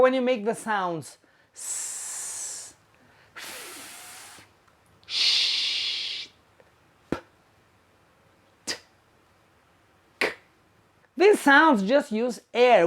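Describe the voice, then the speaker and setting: A woman teaching English pronunciation, saying each example sound slowly and deliberately. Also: on the high side. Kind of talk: slow pronunciation lesson.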